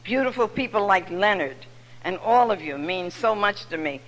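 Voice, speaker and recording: An older woman from New York with a New York accent, telling her personal story to an audience as a recovery meeting speaker, lively and humorous. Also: mid-range voice, normal speed. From New York City. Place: large meeting hall. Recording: echoey hall recording.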